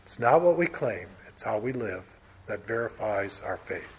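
A man preaching a sermon in a measured, emphatic way, letting his voice fall away softly at the end of phrases. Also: on the low side, expressive, slightly rough.

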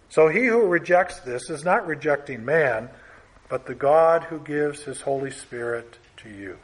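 A man preaching a sermon in a measured, emphatic way, letting his voice fall away softly at the end of phrases. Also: a little high, lively intonation, husky.

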